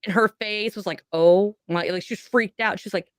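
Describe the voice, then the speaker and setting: A woman's voice: mid-range voice, steady tone, fast talker, sharp tone, dry recording, studio quality. A woman on a podcast telling a personal ghost story, acting out the voices she quotes. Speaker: podcast guest.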